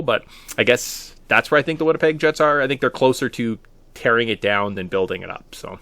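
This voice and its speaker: Man, co-host, casual sports podcast, playful, mid-pitched, dry close sound. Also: fairly quick, fairly bright tone, dry recording. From Canada. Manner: joking, playful asides.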